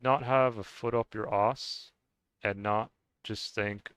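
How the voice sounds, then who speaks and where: A man's voice: on the low side, slow, pauses often, fairly bright tone, dry recording. A man ranting casually to his viewers in a rambling way, with many restarts and fillers and frequent swearing. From United States. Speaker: vlogger. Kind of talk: casual rant to camera.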